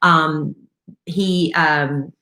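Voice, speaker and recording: A woman's voice: deep voice, fairly even intonation, very slow, bright, forceful tone. A woman, a radio host telling her story in a chatty way with lots of fillers. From South Carolina, USA. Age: 50s. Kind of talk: casual chat on a live stream. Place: home room. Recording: roomy echo in a home room.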